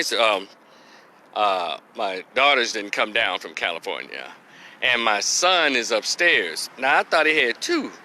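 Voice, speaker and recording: Bright-voiced man telling a story. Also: on the low side, a little slow. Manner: animated, acts out voices, laughs often. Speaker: vlogger. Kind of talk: casual storytelling vlog.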